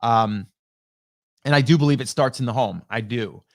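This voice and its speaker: A middle-aged man hosts a casual live stream, reading chat, rambling cheerfully, and greeting viewers by name. He speaks in a mid-range voice at a moderate pace into a broadcast dynamic studio mic.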